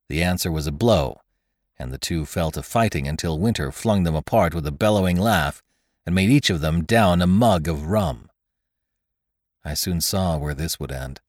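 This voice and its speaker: A male narrator reads an adventure tale in a steady, measured way. His voice sits very low. The recording is dry and close, with no room sound. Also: no echo. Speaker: podcast narrator. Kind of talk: audiobook narration of an adventure story.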